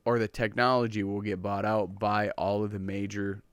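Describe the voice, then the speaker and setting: A young man, co-hosting a casual podcast and telling an animated story. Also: lowish voice, moderate pace, clean tone, no room sound. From Minnesota. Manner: animated storyteller, acts out voices of others. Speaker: podcast co-host. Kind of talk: casual chat.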